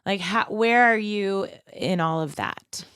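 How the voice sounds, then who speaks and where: A woman co-hosting a podcast, chatty and animated, asking questions in casual conversation. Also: mid-range voice, slow pace, clean tone, no echo, studio quality. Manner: chatty, animated, laughs often. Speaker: podcast co-host.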